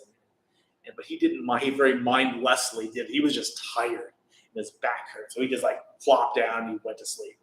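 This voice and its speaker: A man, a meditation teacher, tells a teaching story informally, rambling with many fillers and restarts, in an echoey room. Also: medium pitch. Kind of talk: dharma talk, storytelling.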